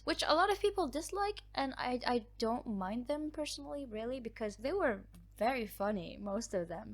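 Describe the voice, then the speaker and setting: Chatty, laughing woman with a higher voice. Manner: chatty, laughs often, self-mocking. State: voice cracking. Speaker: book channel host. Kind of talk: casual chat reading viewer comments.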